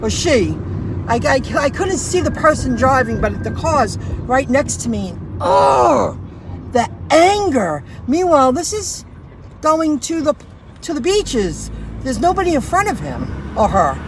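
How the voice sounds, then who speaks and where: Woman, high voice, casual livestream chat, rambling and repetitive, road noise behind. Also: big pitch swings, measured pace. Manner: rambling, repeats herself, restarts sentences. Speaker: food delivery driver vlogger.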